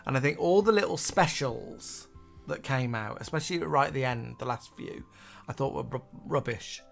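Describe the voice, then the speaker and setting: A man co-hosting a relaxed live stream, chatting about old favourite shows. He reads viewers' comments aloud, with plenty of ums along the way. Faint music plays behind him. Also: mid-range voice, normal speed, creaky. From England. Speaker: co-host. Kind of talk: casual chat reading viewer comments.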